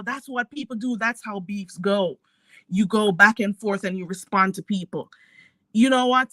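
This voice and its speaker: A woman's voice: fairly high pitch, pushed and bright, no room sound. A woman hosting a commentary channel, ranting in a heated, mocking and profane way. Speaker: YouTube commentary host.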